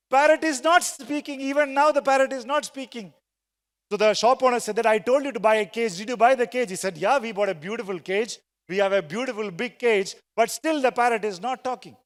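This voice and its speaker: A man's voice: very high-pitched, brisk. A man giving a motivational sales talk to a live audience in a large conference hall, telling a story and getting the crowd to answer aloud. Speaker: sales trainer speaking at a conference. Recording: long reverb of a big hall.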